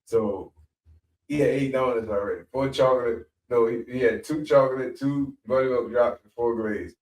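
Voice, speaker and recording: A middle-aged man telling a story in a rambling, animated way, often repeating himself as a podcast guest. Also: medium pitch, normal speed. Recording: echoey room, mic at a distance.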